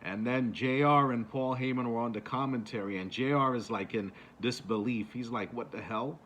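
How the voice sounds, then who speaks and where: A man's voice: mid-range voice, moderate pace, a bit bright, highs cut off. A man casually retelling moments for a countdown video, rambling with many fillers and restarts. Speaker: YouTuber.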